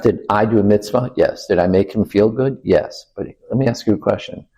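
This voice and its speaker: An older man speaks as a rabbi in a casual interview. His voice sits very low and is a bit husky. He spins anecdotes, acts out what people said and poses rhetorical questions. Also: a little fast, dull audio. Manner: animated anecdote-teller who quotes people and asks rhetorical questions.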